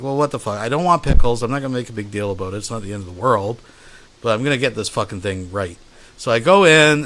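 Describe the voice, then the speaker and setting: A man casually telling a funny anecdote, peppering it with swearing. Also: mid-range voice. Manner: profane, animated anecdote teller. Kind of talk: casual storytelling.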